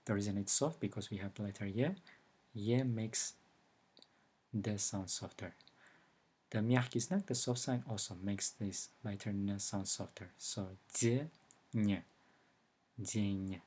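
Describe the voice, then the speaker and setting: Brief: male teacher, lowish husky voice, slow careful lesson delivery. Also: steady tone, a little mellow. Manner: slow, careful explanations with example words. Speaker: language teacher. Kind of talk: recorded language lesson.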